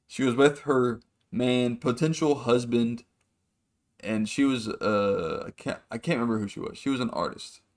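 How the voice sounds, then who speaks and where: A man's voice: medium pitch, moderate pace. A man hosting a podcast, telling a long story in a rambling, profane way and acting out other people's lines. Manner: rambling, profane, acts out quotes with shifting voices. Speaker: podcast host. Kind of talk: casual storytelling monologue.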